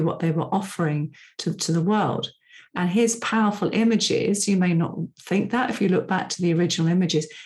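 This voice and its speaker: Chatty woman, lowish voice. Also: darkish tone. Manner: chatty and personal, with asides. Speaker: podcast host and personality profiling coach. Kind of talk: casual solo podcast talk.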